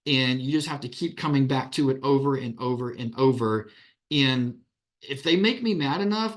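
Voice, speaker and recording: Man, attorney, conference talk, plain-spoken, mid-pitched voice. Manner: plain-spoken, acts out courtroom questions.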